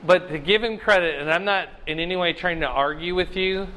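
Man, high voice, bible study leader, conversational, quizzes the group. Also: brisk, sharp tone. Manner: chatty, asks the group questions.

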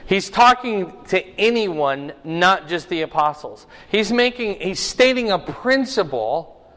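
A man preaching an expository sermon, stressing key words slowly and with emphasis. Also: high voice, sing-song, fairly bright tone. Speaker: pastor. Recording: long hall reverb.

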